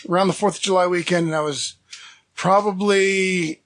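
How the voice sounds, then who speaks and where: This podcast guest, a middle-aged Bay Area man, swaps casual stories that ramble and poke fun at himself, performing other people's lines. His voice sits high and is a bit bright, with fairly even intonation at normal speed.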